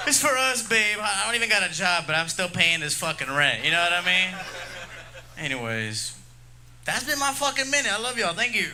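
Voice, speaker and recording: A man's voice: high voice, expressive, a little fast. A man doing a crude, rambling stand-up set on a comedy club stage, laughing through his jokes. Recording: noisy live club room.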